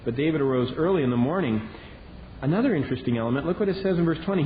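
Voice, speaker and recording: A man preaching a sermon as a Bible teacher, telling the story in a lively way and acting out the lines he quotes. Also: a little high, rapid-fire. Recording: dull lo-fi recording with long reverb and faint hiss.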